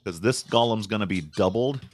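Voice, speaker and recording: Low-voiced man giving strategy tips. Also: fairly quick. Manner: offers strategy advice, dry jokes. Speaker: board game player. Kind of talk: casual chat during a board game playtest.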